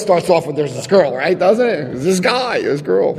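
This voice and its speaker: A man sharing his recovery story with a live audience, telling it in an animated, chatty way, acting out scenes and checking in with his listeners. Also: a little high, normal speed, creaky, hardly any pauses, long reverb tail. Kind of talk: personal testimony to a live audience.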